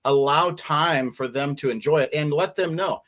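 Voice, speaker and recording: A man on a panel offers blunt, practical advice in a fairly high voice. He speaks plainly and directly to the audience. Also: normal speed, a bit bright. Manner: frank, advice-giving. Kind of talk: casual panel discussion.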